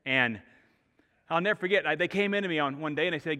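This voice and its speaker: Middle-aged guy preaching, kinda high bright voice, lively storyteller, big echoey church. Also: fast. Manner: animated storytelling, shifting pace and loudness. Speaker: pastor. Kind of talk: sermon. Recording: long reverb of a large hall.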